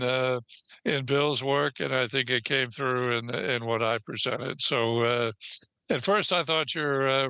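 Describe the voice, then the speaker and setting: Older male panel chair, bright gravelly voice, loose talk full of fillers. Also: mid-range voice, no room sound. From United States. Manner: conversational with frequent fillers. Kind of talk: panel moderation.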